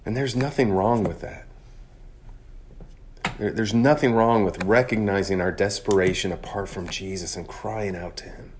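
A man preaching a sermon in an earnest, measured way, slowing down on key phrases. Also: lowish voice, slight background noise.

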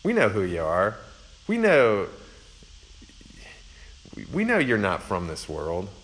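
A man's voice: lowish voice, huge pitch swings, slow, a bit bright, exaggerated voice, low-quality recording. A man voicing a horde of demons who mock and act tough while afraid. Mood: mocking, defiant. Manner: mocking, defiant, rising in volume. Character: taunting demon horde, fearful yet acting tough.

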